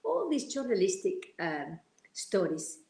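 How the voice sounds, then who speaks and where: Lady telling her story, warm mellow voice, restarts a lot, kind of echoey room. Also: medium pitch, measured pace. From Argentina. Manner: heartfelt, animated, many restarts. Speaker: interview guest. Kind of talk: personal storytelling. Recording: roomy echo.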